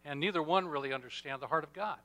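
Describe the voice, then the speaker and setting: Bright-voiced man reflecting on faith. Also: fairly high pitch, no room sound. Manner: measured, thoughtful, some hesitations.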